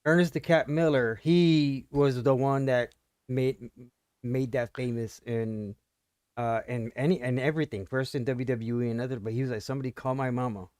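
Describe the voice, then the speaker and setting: A man's voice: mid-range voice, steady tone, moderate pace, a little mellow, clean tone, no room sound. Stammering man in podcast chat, dry mic. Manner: brief agreeing interjections, stammered restarts. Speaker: podcast co-host. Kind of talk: casual chat.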